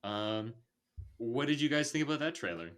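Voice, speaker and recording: A man's voice: medium pitch, expressive, normal speed, a bit bright. A young man hosting a casual movie podcast, laid-back with lots of fillers and frequent laughter. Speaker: podcast host.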